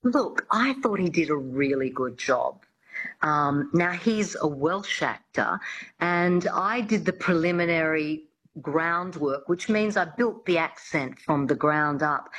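Lower-voiced woman accent coach. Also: animated, slow pace, a bit bright, a little hiss or hum, poor audio. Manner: explanatory, chatty with fillers. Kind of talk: radio interview.

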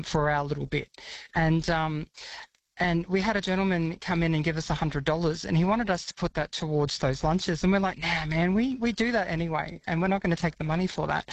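A woman's voice: lowish voice, no echo, poor audio. An Australian woman who runs a cafe, chatting enthusiastically in an interview with lots of fillers. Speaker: cafe owner, guest. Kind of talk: casual interview chat.

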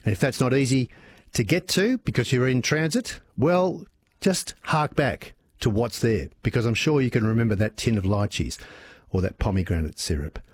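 A man with an Australian accent hosting an evening talk radio show, chatting warmly with listeners and swooping up and down as he talks. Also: mid-range voice, lively intonation, normal speed, husky. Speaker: radio host. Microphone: studio microphone.

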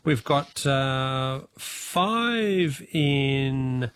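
An Australian man hosting a radio quiz, reading questions and taking callers briskly. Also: medium pitch, expressive, a bit bright, clean tone.

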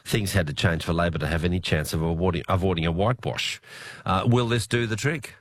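An Australian man hosting late-night radio news, his voice hoarse from illness, chatting in a relaxed way with many fillers. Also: low voice, a little fast. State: hoarse, unwell voice. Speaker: radio host.

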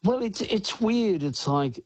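An older man rambles through his stories in a radio interview, peppering them with "you know" and slipping into quoted voices. His tone is husky. The sound is close and dry, with no room around it. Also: high voice, lively intonation, takes it slowly, no echo, low-quality recording. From Australia. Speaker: guest musician.

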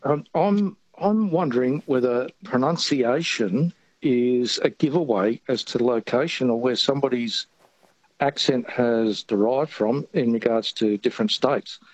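A man's voice: mid-range voice, measured pace, a little mellow, dry recording. A man phoning in to a radio show, hesitant and repeating himself as he asks his question. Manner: hesitant, repeats words when starting. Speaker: caller. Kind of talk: phone-in question. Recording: dull phone-in line.

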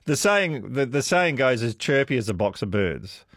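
Lively friendly radio host man. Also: medium pitch, moderate pace, dry recording, clean studio sound. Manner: friendly, jokey, lively intonation. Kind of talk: late-night radio quiz with callers.

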